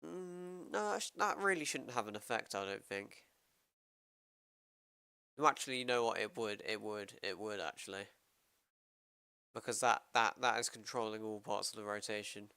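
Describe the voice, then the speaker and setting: Bright, crisp British coder talking aloud. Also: male voice, on the low side, normal speed, pauses often, dry recording. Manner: rambling, self-interrupting, thinking aloud. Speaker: programmer streamer. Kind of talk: casual coding livestream.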